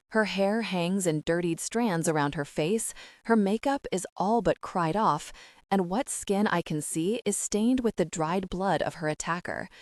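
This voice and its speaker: A woman narrating a dark romance audiobook in the first person, with a steady, intimate, measured reading. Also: fairly low pitch, no room sound, clean studio sound.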